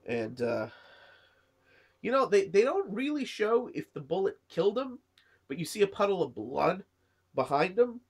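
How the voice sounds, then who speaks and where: A man's voice: sits high, big pitch swings, normal speed, pauses often, breathy edge. A man who is sick and coughing, casually reviewing a manga chapter and rambling with many fillers. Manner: rambling, lots of "you know" and "uh". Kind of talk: casual chat.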